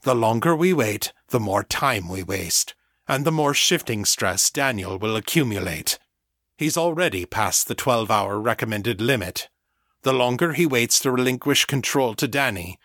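A man's voice: mid-range voice, a bit bright, no room sound, studio quality. A man voicing a stern old sorcerer in an audiobook, speaking firmly and in a businesslike way. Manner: firm and businesslike.

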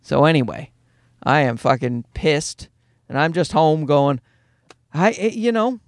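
A man's voice: mid-range voice, lively intonation, moderate pace, no echo, studio quality. A man, telling a personal story in a heated, casual ranting way. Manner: heated, ranting, quotes others in his own voice.

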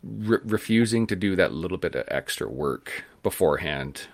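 A man's voice: deep voice, lively intonation, normal speed, vocal fry, no room sound. A man, co-hosting a podcast interview, telling a story and acting out the voices of the people in it. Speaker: podcast co-host.

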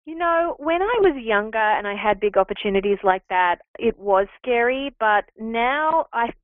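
A woman's voice: a little high, lively intonation, normal speed, dry recording. A woman from Australia, a podcast guest, telling stories casually and laughing easily. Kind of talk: casual interview chat. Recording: phone-line sound.

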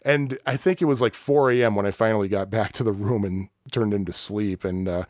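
A man's voice: fairly low pitch, fairly quick, dry recording, clean studio sound. A man telling a long story in casual chat, rambling, laughing often and acting out what people said. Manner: rambling and animated, with frequent laughs and acted-out quotes.

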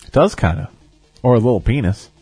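A man's voice: mid-range voice, lively intonation, fairly quick, a little mellow, slightly rough, faint music behind. A man in crude, casual banter as a podcast co-host, blunt and profane, reacting to his partner and telling short stories.

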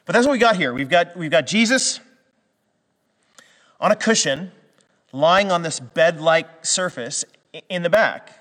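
Animated preacher man in an echoing hall. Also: fairly high pitch, a little slow, pauses often. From western Canada. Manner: conversational, with many restarts and fillers, rising to emphatic peaks. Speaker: pastor. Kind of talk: sermon.

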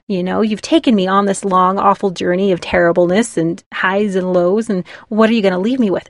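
Woman, podcast co-host, animated chat, mid pitch, dry close sound. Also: no echo. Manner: animated, restarts often, laughs between thoughts. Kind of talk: casual podcast chat about storytelling.

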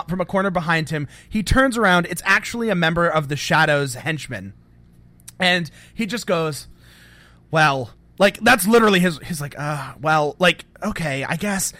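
A man co-hosting a casual fan podcast, retelling scenes in an animated, rambling way with lots of fillers. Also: high voice, moderate pace, dry recording. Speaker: podcast co-host.

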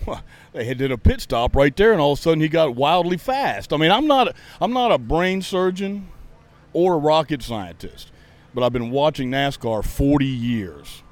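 A man's voice: fairly high pitch, expressive, moderate pace. A man, a podcast host and racing fan, ranting in a heated, sarcastic, profane way during a casual chat. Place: outdoors at a racetrack.

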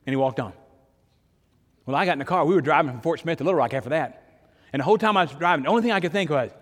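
A man's voice: a little high, lively intonation, racing, long reverb tail. An older man, preaching a sermon in a conversational storytelling way, with sudden emphatic rises. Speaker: pastor.

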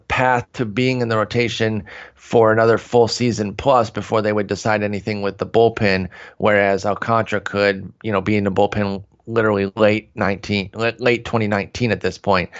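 A man's voice: on the low side, fairly bright tone, highs cut off. A man hosting a casual baseball podcast, talking through stats in a conversational way with frequent fillers. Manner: analytical, conversational, many fillers. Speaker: podcast host.

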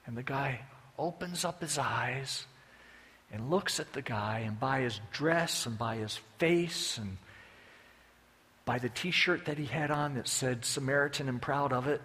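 A man's voice: mid-range voice, animated, takes it slowly, sharp tone, slight background noise. A man preaching a sermon as a folksy, joking storyteller, with long hall reverb behind him.

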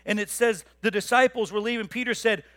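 A male pastor delivering a passionate sermon to his congregation, swinging from loud rallying appeals to low, quiet emphasis. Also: fairly even intonation, brisk, smooth, dry recording, clean studio sound. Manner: passionate preaching, swelling loud then dropping low; repeats words, conversational asides to the congregation. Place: church.

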